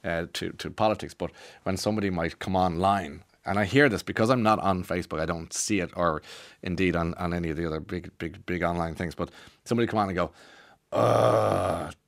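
A rambling Irish man hosting a radio slot, his voice sitting low. He chats casually and restarts his sentences often. The sound is close and dry, like a studio mic. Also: fast talker, a bit bright, dry recording. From Ireland. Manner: chatty, rambling, with many restarts and asides. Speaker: radio presenter. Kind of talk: casual monologue.

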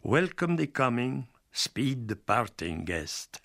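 A man's voice: mid-range voice, very animated, slow pace, vocal fry, fairly bright tone, voice pushed up, heavily acted. A man voicing a courtly, sinister old male vampire count in an audiobook, speaking with stately, suave courtesy that hides menace. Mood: grandly gracious. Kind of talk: audiobook character voice.

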